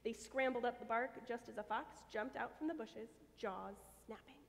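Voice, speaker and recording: A woman's voice: on the high side, moderate pace, gravelly. Woman reading a story in a church. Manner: expressive, lively read-aloud. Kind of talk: reading a children's story aloud. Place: church sanctuary. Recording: long church reverb.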